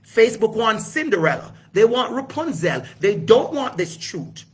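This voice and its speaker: Middle-aged guy ranting straight to camera, husky voice, fiery and preachy, swears a lot. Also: sits high, sing-song, normal speed. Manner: fiery, preachy, swears freely, repeats for emphasis. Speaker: educator hosting his own video series. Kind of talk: impassioned direct-to-camera talk.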